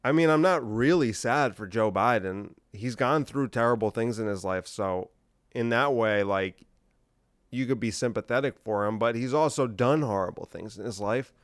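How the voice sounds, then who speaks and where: A man talking on his own podcast in a loose, rambling way, sarcastic and incredulous. His voice is smooth and clear at a middle pitch. It is recorded close up with a dry sound. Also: normal speed, no echo. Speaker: podcast host. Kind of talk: solo political commentary podcast.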